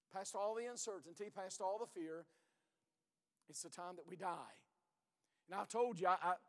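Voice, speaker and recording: A middle-aged man preaching a sermon as pastor, earnest and hoarse, often sinking to a low, intense voice and repeating his words. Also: long reverb tail.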